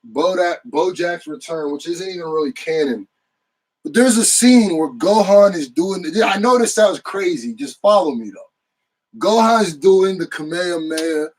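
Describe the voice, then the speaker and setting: A man giving an excited, slangy, casual movie review with bursts of shouting and laughter. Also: high-pitched, poor audio.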